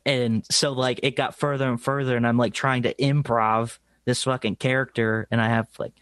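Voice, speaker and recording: The voice is a young man's, at a middling pitch and recorded close and dry with no room around it. He co-hosts a casual podcast, talks fast, swears freely and laughs through his stories. The delivery is loose and conversational. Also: flat delivery, a bit bright, clean tone, no room sound. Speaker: podcast co-host.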